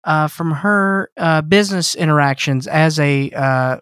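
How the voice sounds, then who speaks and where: A man's voice: on the high side, measured pace, fairly bright tone, clear, resonant tone, no room sound. A man co-hosting a podcast who chimes in with dry, joking remarks during casual movie talk. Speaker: podcast co-host. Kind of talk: casual movie-review chat.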